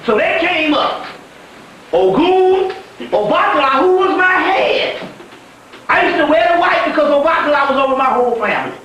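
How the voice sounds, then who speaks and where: A man giving a spiritual lecture, telling stories in a profane, animated way. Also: very high voice, normal speed, slight background noise. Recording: echoey room heard from far off.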